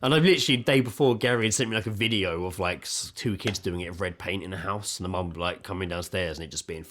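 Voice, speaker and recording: A man's voice: sits low, quick pace, a bit bright, slight background noise. A man co-hosting a podcast, telling rambling stories in casual chat and swearing freely. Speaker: podcast co-host.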